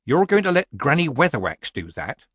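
A man's voice: on the high side, sing-song, moderate pace, fairly bright tone, breathy edge, no echo, clean studio sound, pitched above the performer's own voice, exaggerated voice. A man doing Nanny Ogg, homely old witch. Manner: homely, blunt, weakly apologetic. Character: older woman witch, chatty, shrewd, loyal friend.

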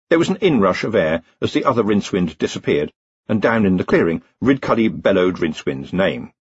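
A low, husky male narrator with a lively, expressive reading. The recording is dry and a little muffled, with a dull, lo-fi tone. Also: a little fast, no room sound. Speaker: audiobook narrator. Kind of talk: scripted narration.

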